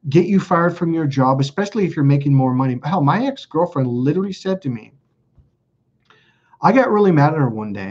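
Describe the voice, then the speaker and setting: A man's voice: on the high side, expressive, a little fast, a little mellow, slightly rough, dull audio. A man hosting a self-help video, talking casually and acting out quoted dialogue in raised voices. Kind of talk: casual spoken monologue to camera.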